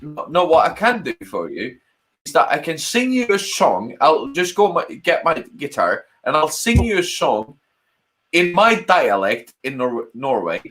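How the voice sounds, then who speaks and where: A man's voice: a little high, sing-song, a bit bright. A man chatting casually and then singing a folk song in dialect to his own guitar, stopping and restarting when he forgets the lyrics. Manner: halting, keeps restarting after forgetting lyrics. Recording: guitar heard behind the voice.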